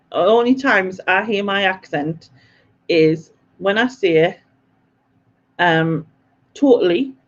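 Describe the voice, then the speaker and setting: A woman's voice: mid-range voice, muffled recording. A woman hosting a live quiz stream, chatty and self-mocking, laughing often as she reads out viewer comments. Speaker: quiz host.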